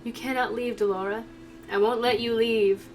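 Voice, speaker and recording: A woman's voice: fairly high pitch, fairly even intonation, music in the background, natural voice, low-quality recording. A woman reading as a desperate young princess. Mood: pleading. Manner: pleading, slow.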